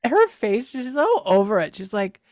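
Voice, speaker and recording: A young woman co-hosting a casual podcast, recapping a TV episode in an animated, exasperated way, with lots of "like". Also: medium pitch, normal speed, dry recording, studio quality. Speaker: podcast co-host.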